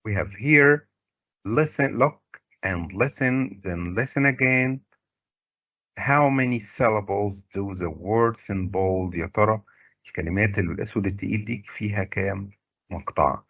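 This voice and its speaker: A man's voice: fairly low pitch, lively intonation, fairly bright tone, husky, no room sound. Egyptian man teaching English syllables. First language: Arabic. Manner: switches to Arabic to explain, stresses syllables slowly. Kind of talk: recorded lesson. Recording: dull, lo-fi dry recording.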